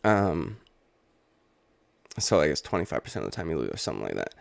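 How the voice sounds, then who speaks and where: A man's voice: a bass voice, sing-song, a little fast, creaky, no echo. Casual, profane young man riffing on fights. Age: late 20s. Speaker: MMA YouTuber. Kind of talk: reaction commentary.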